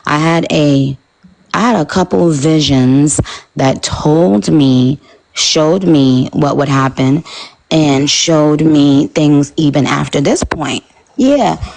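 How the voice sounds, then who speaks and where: Gravelly-voiced New woman, animated. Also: deep voice, takes it slowly, rough recording. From Queens, New York. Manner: animated, rambling, with frequent fillers. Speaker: interview guest. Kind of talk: casual interview chat.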